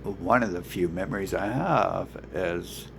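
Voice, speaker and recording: Gravelly guy ranting to camera, swears nonstop, keeps restarting sentences, faint noise behind. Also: low-pitched, a little slow. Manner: profane, swearing constantly. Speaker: vlogger.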